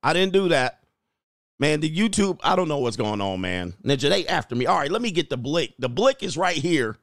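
A man hosting a casual livestream, reading viewer comments aloud, animated and laughing, with loose swearing. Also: fairly high pitch, a little fast, dry recording, clean studio sound. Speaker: livestream host reading chat.

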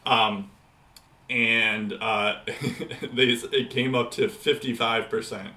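Male podcast co-host, chatty and halting, sharp lowish voice, roomy echo. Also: fairly even intonation. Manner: rambling, many fillers and restarts, laughs often. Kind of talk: casual hockey podcast chat.

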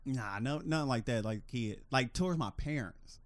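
A man co-hosting a podcast in casual banter, animated and laughing often as he acts out quotes. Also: medium pitch, normal speed, no room sound, clean studio sound. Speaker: podcast co-host.

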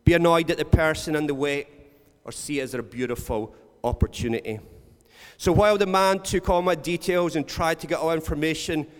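A man's voice: on the high side, brisk. A man preaching a sermon, earnest and storytelling, repeating words for emphasis. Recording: long reverb of a large hall.

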